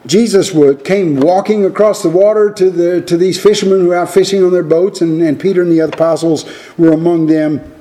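Man, sermon, high voice, mellow tone, earnest, folksy, restarts phrases. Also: steady tone, brisk. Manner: acts out quoted lines with a raised voice. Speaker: preacher.

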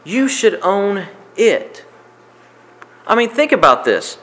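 A man with a notably high voice delivers a sermon. He drives points home by repeating them in earnest preaching cadence. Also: big pitch swings, takes it slowly, fairly bright tone. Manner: preaching with emphatic repetition. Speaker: pastor.

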